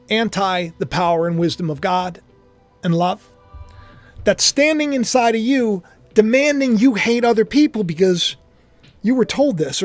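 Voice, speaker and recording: With a voice that sits high, a man preaches to his online viewers, giving heated spiritual commentary and repeating phrases emphatically. His volume swings between loud outbursts and murmured asides. No echo is present.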